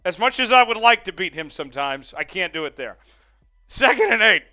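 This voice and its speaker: A man's voice: sits high, sing-song, brisk, pushed and bright, faint music behind. A man hosting a live sports watch-along stream, fired up, calling the plays and reading out viewer comments. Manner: amped, hyped, calls plays and reads chat. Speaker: host.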